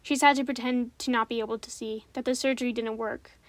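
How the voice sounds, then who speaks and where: A woman giving a calm, measured scripted narration of a spooky story. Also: fairly high pitch, no echo.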